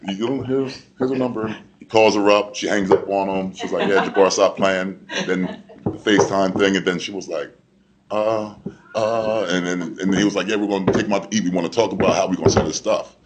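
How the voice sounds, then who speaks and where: A man on a convention panel telling a story with excitement, laughing and acting out what people said. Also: low-pitched, brisk, very noisy. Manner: excited, laughing, acts out quotes. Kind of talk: casual storytelling.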